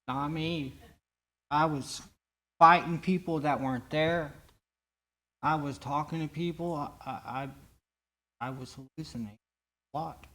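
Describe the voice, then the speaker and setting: A man giving his personal recovery testimony at a church meeting, speaking in an earnest, halting way with frequent restarts. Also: fairly high pitch, fairly even intonation, sharp tone.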